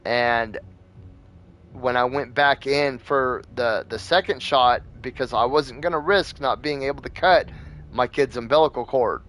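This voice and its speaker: A man's voice: mid-range voice, a little slow, a bit bright. A man hosting a gaming channel, telling a rambling story in a casual, profane way with plenty of fillers.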